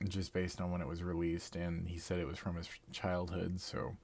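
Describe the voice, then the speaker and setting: A man's voice: low voice, completely flat delivery, moderate pace, vocal fry, a little mellow. A man streaming live, walking through a game theory in a rambling, casual way, swearing and laughing at himself as he goes.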